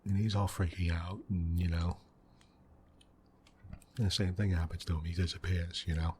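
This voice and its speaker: A man with a very deep, low voice talks in hushed, soft-spoken ASMR gaming commentary. He rambles loosely through a story, leaning on "you know" as he goes. A faint background hiss sits under his voice. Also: little pitch movement, moderate pace. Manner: quiet, hushed delivery. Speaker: gaming channel host.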